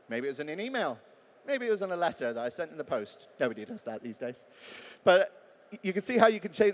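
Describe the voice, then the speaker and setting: A man's voice: a little high, animated, fast talker. A man giving a live talk as a voice actor, chatty and joking, acting out example readings. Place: large talk venue. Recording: long hall reverb.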